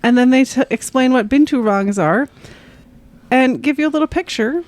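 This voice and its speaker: A woman's voice: sits high, moderate pace, darkish tone, no room sound. A woman co-hosting a book podcast, chatty and upbeat in casual conversation. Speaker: podcast co-host. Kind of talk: casual chat.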